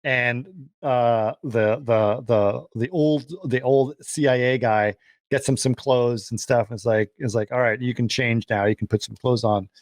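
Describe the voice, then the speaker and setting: A man's voice: medium pitch, steady tone, unhurried, no room sound, studio quality. A man co-hosting a casual film podcast, animatedly retelling the plot and acting out the characters' lines. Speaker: podcast co-host. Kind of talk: casual film-discussion chat.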